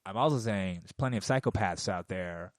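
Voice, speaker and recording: A man's voice: on the low side, fairly quick, dry recording, studio quality. A man in his forties ranting casually and heatedly into a microphone, swearing constantly. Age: 40s. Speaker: podcast host. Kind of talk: casual rant. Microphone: studio microphone.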